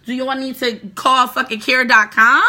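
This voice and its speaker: Woman host, bright and a bit high, brash straight-talking relationship advice. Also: normal speed. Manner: profane, brash, animated and lecturing. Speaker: mother of two. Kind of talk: blunt advice monologue.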